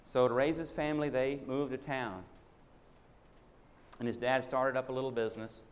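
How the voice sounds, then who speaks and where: A man's voice: mid-range voice, fairly even intonation, normal speed. Folksy man preaching in an echoey hall. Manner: folksy, acts out child and father voices in a story. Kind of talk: sermon storytelling. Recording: echoey hall with faint hiss.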